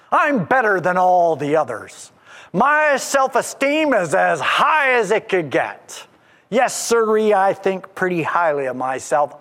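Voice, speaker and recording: A self-satisfied male disciple who brags that he will never fail, put on by a man during a sermon. He speaks slowly and smugly in a high voice that swoops up and down. Long reverb trails behind him. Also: fairly bright tone, heavily acted. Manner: slow, self-satisfied bragging. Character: proud boastful male disciple, sure of himself.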